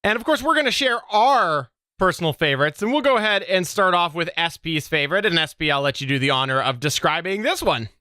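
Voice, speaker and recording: A man hosting a podcast, talking in a casual, animated way and laughing often. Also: on the high side, fairly quick, few pauses, smooth, no echo, studio quality. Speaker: podcast host.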